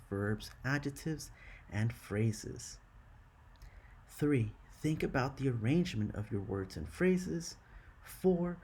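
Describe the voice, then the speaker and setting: Male teacher, mid pitch, slow and encouraging, classroom lesson. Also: a little mellow, slightly rough. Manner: slow and encouraging, counts syllables aloud.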